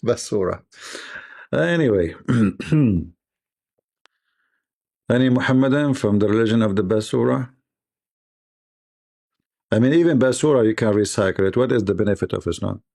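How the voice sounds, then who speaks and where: A man's voice: on the low side, lively intonation, normal speed, gravelly, long pauses, dark tone. Joking male livestream host. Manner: joking storyteller, mimics voices, laughs often. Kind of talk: livestream debate chat.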